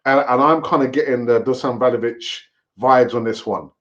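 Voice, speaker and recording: A man hosting a casual live football fan stream, talking in an animated, repetitive, rambling way. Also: mid-range voice, brisk, dull audio. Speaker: football fan channel host.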